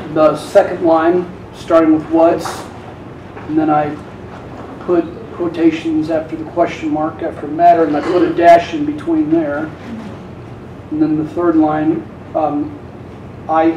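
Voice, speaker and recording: A man's voice: a little high, dark tone, slight background noise. A man attending a seminar, reading an exercise aloud and then hesitantly explaining his answers. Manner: hesitant, halting. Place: large seminar room. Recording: distant, dull, echoey room audio.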